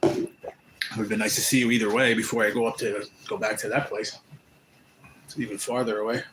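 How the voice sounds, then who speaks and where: A man's voice: fairly low pitch, little pitch movement, normal speed, a bit bright, a little hiss or hum, low-quality recording. A man hosting a casual live stream from a rehab facility room, rambling as he retells conversations.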